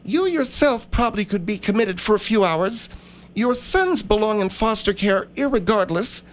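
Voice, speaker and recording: A man's voice: high-pitched, expressive, normal speed, low-quality recording. A man voicing a prim, indignant middle-aged woman who scolds the others on a radio show. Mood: prim, scolding.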